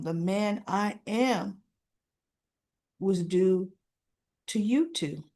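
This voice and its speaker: A woman recapping a soap opera episode in a casual, chatty way, acting out the characters' lines and laughing often. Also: medium pitch.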